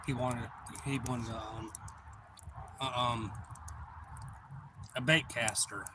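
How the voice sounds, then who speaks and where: A man hosting a live stream, telling a story in a rambling, profane way with lots of fillers, and getting loud when the story turns exciting. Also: mid-range voice, slow. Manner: gets loud and excited when retelling action. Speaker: channel host. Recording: noisy background.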